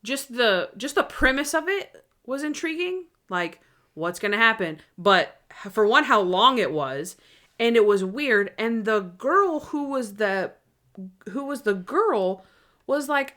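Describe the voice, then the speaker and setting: A woman's voice: fairly high pitch, sing-song, a little slow, fairly bright tone. Rambling woman podcast co-host. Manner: rambling, acts out scenes in quoted voices. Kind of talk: casual chat, episode recap.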